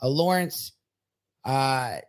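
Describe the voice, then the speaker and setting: A man co-hosting a sports betting talk show, speaking in a measured, mildly exasperated way. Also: medium pitch.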